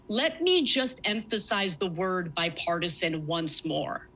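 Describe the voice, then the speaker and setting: A woman's voice: fairly low pitch, expressive, unhurried, few pauses, bright, forceful tone, slightly rough, poor audio. A woman hosting a news commentary, reading report excerpts aloud with emphatic, sarcastic asides. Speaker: political commentator.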